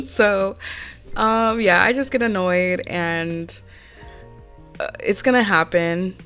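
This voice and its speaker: A woman's voice: mid-range voice, slow, long pauses, fairly bright tone, clear, resonant tone, soft background music. A woman with a nasal voice from a cold, chatting candidly through a casual voiceover Q&A as a nail artist and channel host. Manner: chatty and candid, with many fillers. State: sick with a cold. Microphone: home voiceover mic.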